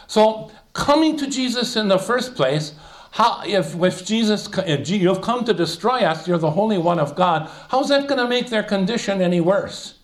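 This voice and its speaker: An older man leading an informal Bible study, thinking aloud with many fillers and restarts as he explains a passage. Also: sits high. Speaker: Bible teacher.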